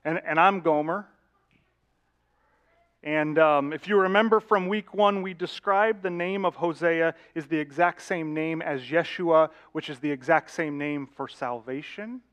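A man's voice: fairly high pitch, a little slow, a bit bright. A male pastor preaching a sermon, telling a story vividly and addressing the congregation directly.

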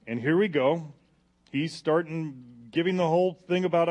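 Impassioned male preacher, hushed to emphatic. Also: a little high, lively intonation, moderate pace. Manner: dramatic, swings from hushed to emphatic when quoting scripture. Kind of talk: sermon.

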